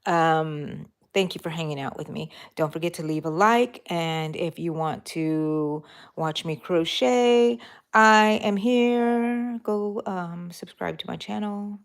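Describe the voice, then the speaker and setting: A woman's voice: sits low, steady tone, measured pace, vocal fry, clear, resonant tone. A middle-aged woman, chatting casually with live viewers while she crochets. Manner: chatty, laughing, talks to viewers. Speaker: crochet vlogger.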